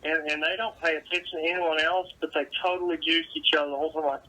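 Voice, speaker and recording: A man's voice: fairly high pitch, fairly even intonation, fast talker, pushed and bright, low-quality recording. A man talking in a casual podcast chat, blunt and opinionated, swearing a lot.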